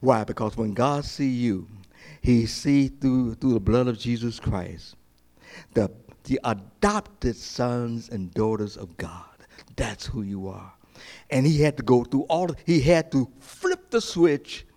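A man preaching a sermon as pastor, passionate, repeating phrases for emphasis and swinging between loud peaks and quiet asides. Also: medium pitch, takes it slowly.

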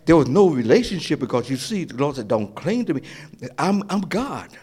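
A male pastor preaching a sermon, retelling scripture, swinging from loud emphasis to hushed whispers and often repeating and restarting phrases. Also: on the high side, very animated, brisk, husky.

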